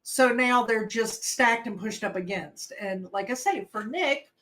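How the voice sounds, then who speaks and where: A woman's voice: fairly high pitch, a little slow, fairly bright tone, rough recording. A middle-aged woman co-hosting a podcast, chatting casually and rambling with lots of fillers. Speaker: podcast co-host. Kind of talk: casual chat.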